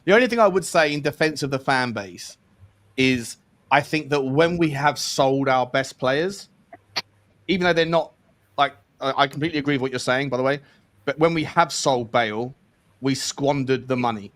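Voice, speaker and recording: A man's voice: mid-range voice, moderate pace, a bit bright. A man, co-hosting a casual football chat, agreeable and joking in a conversational way. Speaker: co-host.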